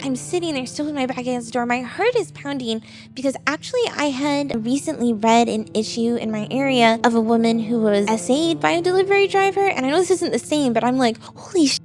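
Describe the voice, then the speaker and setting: A woman VTuber telling a true story in a casual, animated way, acting out what people said. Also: high voice, fairly quick, soft background music. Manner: animated, expressive retelling with quoted dialogue.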